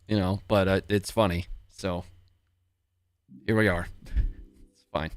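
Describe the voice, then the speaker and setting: A man's voice: fairly low pitch, lively intonation, a little slow, pauses often, fairly bright tone, smooth, faint music behind. A man in his thirties from the United States, casually chatting with viewers while streaming a game, laid-back and chuckling often. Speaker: livestream host.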